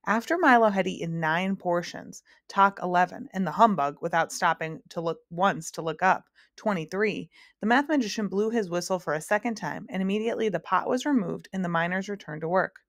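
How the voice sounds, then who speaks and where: Woman reader, lowish voice, dry close recording, calm chapter-book storytelling. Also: brisk, hardly any pauses, no room sound. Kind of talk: reading a children's novel aloud.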